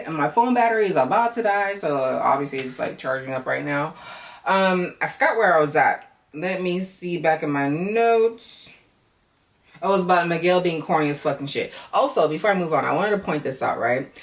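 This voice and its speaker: Woman vlogger, lowish voice, casual profane recap, animated, off-mic distance. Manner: chatty, profane, animated, laughs often. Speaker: YouTube reality-show reviewer. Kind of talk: casual reaction commentary.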